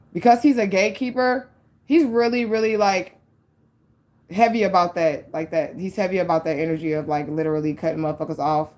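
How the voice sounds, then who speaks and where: A woman with a slightly low voice gives a casual spiritual card reading. She talks straight to her viewers, blunt and profane, with lots of "like" and "okay?" between thoughts. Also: a little mellow. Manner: frank and profane, with many likes and okays; earnest, speaks straight to the audience. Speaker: psychic tarot reader.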